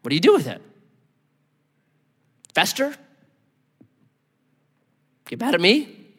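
A male pastor preaching a sermon in a lively manner, acting out the people he quotes. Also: high-pitched, slow, slightly rough, big-room sound. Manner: animated, acts out voices in quotes.

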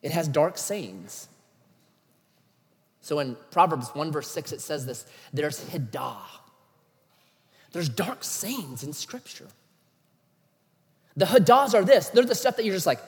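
A man preaching a sermon in an animated, emphatic way, full of rhetorical questions. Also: a little high, normal speed, long reverb tail.

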